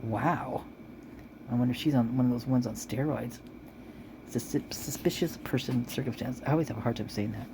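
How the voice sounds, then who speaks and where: A woman's voice: rumbling low, quick pace, background noise. A woman chatting casually and rambling as she reads out local police reports, at times chewing while she talks. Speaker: vlogger reading police reports.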